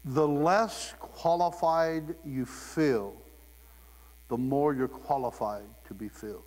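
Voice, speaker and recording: A man delivers a sermon in a loose, joking way, laughing as he goes. His voice sits a little high. The sound rings with the long reverb of a large hall. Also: slow, darkish tone. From Ohio. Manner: humorous, conversational, laughing often. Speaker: preacher.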